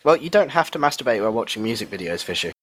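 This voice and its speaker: A man's voice: lowish voice, sing-song, rapid-fire, a bit bright, slightly rough. A man chatting casually with friends, teasing them and laughing easily. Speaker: friend in group voice chat. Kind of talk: casual chat.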